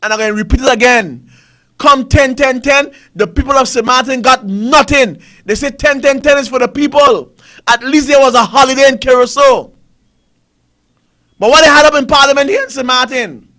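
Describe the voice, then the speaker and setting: Male Caribbean talk host, very high bright voice, heated ranting commentary. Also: moderate pace. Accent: Caribbean English. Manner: ranting, repetitive, rhetorical questions. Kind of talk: fiery political commentary.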